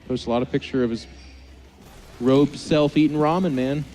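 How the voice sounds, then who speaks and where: A man's voice: mid-range voice, fairly even intonation, moderate pace, dark tone. A man, an esports commentator, chatting casually and joking, acting out imagined conversations. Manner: joking, acts out imagined dialogue. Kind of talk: casual chat.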